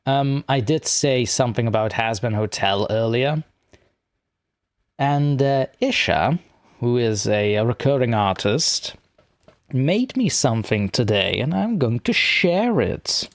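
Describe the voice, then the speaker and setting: A man chatting casually on a live stream, rambling and poking fun at himself as he fumbles with his software. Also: medium pitch, animated, slow pace, dry recording, clean studio sound. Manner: rambling, self-mocking, talks to himself while fiddling with software.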